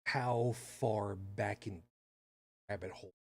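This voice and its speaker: A man's voice: on the low side, steady tone, slow, gravelly. A man hosting a podcast in casual chat, talking with sarcastic, rambling asides. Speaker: podcast host.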